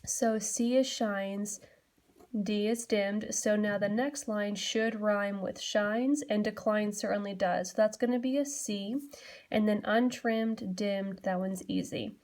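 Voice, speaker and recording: A woman's voice: medium pitch, steady tone, slow pace, a little mellow. A young adult woman teacher giving a classroom lesson, explaining patiently and steadily with frequent fillers. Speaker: English teacher.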